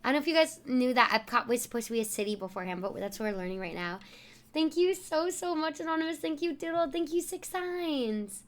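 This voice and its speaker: Excitable high-voiced woman streamer. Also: fast talker. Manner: excitable, exclaiming, laughing often. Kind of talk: live-stream chat, thanking viewers.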